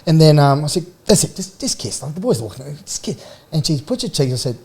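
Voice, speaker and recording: A man's voice: a little high, very animated, fast talker, creaky, darkish tone, breathy edge. A middle-aged Australian man, a former footballer, telling rambling stories in a studio chat, with restarts and laughter. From Queensland, Australia. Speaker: podcast guest, former rugby league player. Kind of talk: casual storytelling chat. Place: radio studio.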